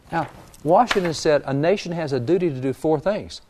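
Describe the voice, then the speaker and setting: A man explaining early national history in a talk, emphatic and animated, stressing key words. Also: fairly high pitch, brisk, noisy background. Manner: animated storyteller, emphatic, reads quotes aloud. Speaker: history guest. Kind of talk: conversational history lecture.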